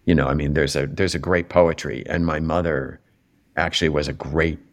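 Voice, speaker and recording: A middle-aged man talking as an interview guest, telling a personal story in a reflective, animated way, his voice jumping up when he is moved. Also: very deep voice, moderate pace. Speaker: interview guest, television writer.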